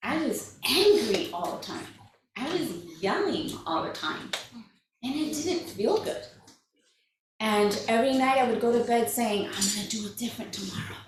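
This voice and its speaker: A woman's voice: a little high, lively intonation, measured pace, noisy background. Woman, forties, parenting coach, open and conversational talk, live room with heavy echo, mic at a distance. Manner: candid, conversational, emotional at moments. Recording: echoey room, mic from afar.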